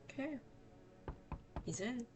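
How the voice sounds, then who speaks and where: A woman's voice: a little high, animated, slow, soft background music. A young woman giving casual, chatty commentary while playing a horror game. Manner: chatty, self-deprecating. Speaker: gaming streamer.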